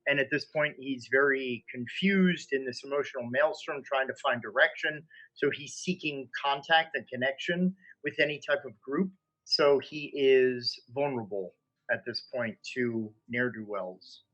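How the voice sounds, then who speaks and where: A man playing a tabletop game, telling rambling jokes in an excitable way. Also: mid-range voice, unhurried, dull audio. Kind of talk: casual tabletop game chat.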